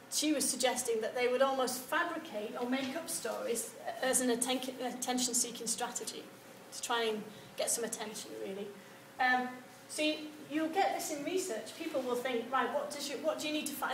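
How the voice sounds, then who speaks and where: A woman giving a university lecture, animated and acting out example replies. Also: high voice, brisk, hardly any pauses. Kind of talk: lecture on research methods. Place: lecture hall. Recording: echoey lecture room with some background noise.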